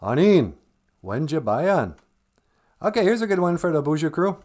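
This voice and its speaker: Hosting a casual livestream, a Minnesota man with an Upper Midwest accent chuckles as he reads viewer comments aloud and teaches Ojibwe words. His voice is fairly high and a little mellow, very animated, at normal speed.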